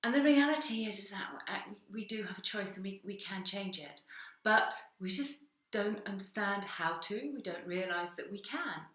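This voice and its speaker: A woman in middle age speaks straight to camera in an easy, conversational way, now and then acting out small back-and-forth exchanges. Her voice is bright and clear, at a middle pitch for a woman. The recording has a noticeable roomy echo. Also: expressive, moderate pace. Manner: conversational, acts out little dialogues. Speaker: hypnotherapist. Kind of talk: direct-to-camera talk.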